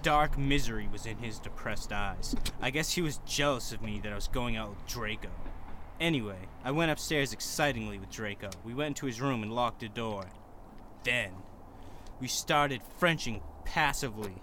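A man's voice: mid-range voice, moderate pace, bright, forceful tone, a little hiss or hum. Wry man reading badly written fiction aloud. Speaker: comedy podcast co-host. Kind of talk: mocking reading aloud and banter.

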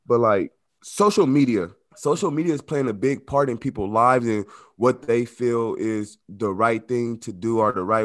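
A man's voice: mid-range voice, no echo, studio quality. Candid man speaking plainly about life after prison. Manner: loose, conversational, heavy with "like" and "you know"; slips into lively acted-out quotes. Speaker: formerly incarcerated guest. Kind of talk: casual interview talk.

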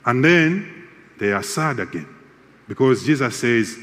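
A man preaching a sermon with a measured, emphatic delivery and repeated phrases. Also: medium pitch, animated, fairly bright tone, in a large hall.

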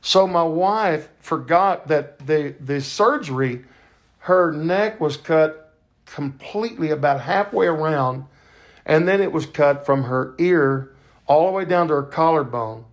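Here the same older podcast host recounts his faith story in a fervent, preacherly manner, drawing out words for emphasis. His pitch runs slightly high.

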